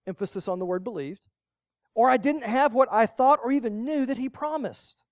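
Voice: moderate pace, no echo, clean studio sound. Preacher with big dynamic swings. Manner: swings between loud emphatic lines and quiet, low asides; rhetorical, repeats key phrases for emphasis. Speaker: pastor. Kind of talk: sermon.

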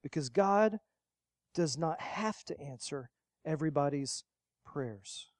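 A pastor preaching a sermon, rising to loud emphatic lines and dropping to quiet, low asides, repeating key phrases. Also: expressive, slow pace, no room sound.

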